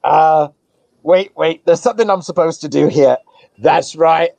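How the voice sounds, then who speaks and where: A man's voice: a little high, a little slow, creaky, darkish tone, dry recording. A man voicing a huge, hungover, dim-witted half-ogre alley thug who blusters and stumbles over his own name. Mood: blustering.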